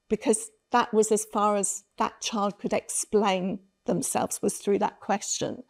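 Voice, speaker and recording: A woman's voice: medium pitch, a little slow, vocal fry, hardly any pauses, darkish tone. A woman speaking on a conference panel, telling stories earnestly and reflectively. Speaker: conference speaker on children's literature. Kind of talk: panel talk.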